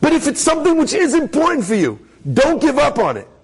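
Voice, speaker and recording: A man's voice: very high-pitched, huge pitch swings, fairly quick, voice pushed up, exaggerated voice, low-quality recording. A man voicing an earnest young woman who pours out an emphatic, pleading complaint. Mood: exasperated.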